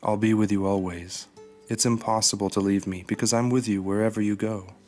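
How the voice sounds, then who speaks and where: A man's voice: on the low side, steady tone, a little fast, soft background music, close to an everyday voice. A man voicing a kind, smiling God. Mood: reassuring. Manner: warm and reassuring. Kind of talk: storybook reading.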